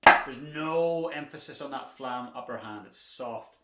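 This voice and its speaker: A man's voice: medium pitch, measured pace. Man teaching drums in an echoey room. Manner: chatty, encouraging, cracks dad jokes. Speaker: drumming teacher. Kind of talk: instructional lesson. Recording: echoey room with clear background noise.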